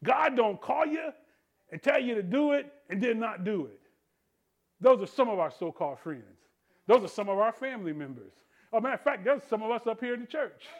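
A male pastor preaching a sermon in church, calling out to the congregation and swinging between hushed tender asides and shouted refrains. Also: very high voice, animated, a little fast. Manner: preaching with call-and-response, rising to shouts; drops to soft tender voice for quoted lines.

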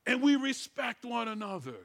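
A middle-aged man preaches in a high, ringing voice. He works the congregation with call-and-response, tossing out "what?" and answering himself. He swings from shouted proclamations down to soft, tender murmurs. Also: very animated, moderate pace, gravelly. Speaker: pastor. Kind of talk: sermon.

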